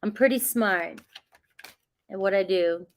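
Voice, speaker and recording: A chatty woman talks casually to viewers of a live tarot stream. She greets people by name and laughs easily. Her voice sits at a middle pitch and she gives calm, grounding guidance. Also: unhurried. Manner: reassuring, grounding spiritual guidance. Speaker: tarot reader. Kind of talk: casual livestream chat.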